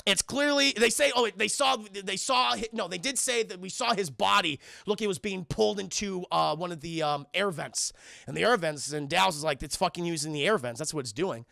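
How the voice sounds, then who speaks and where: A man reviewing a film live, retelling it scene by scene to his chat in an excitable, profane, casual way. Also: high-pitched, normal speed, gravelly, no room sound.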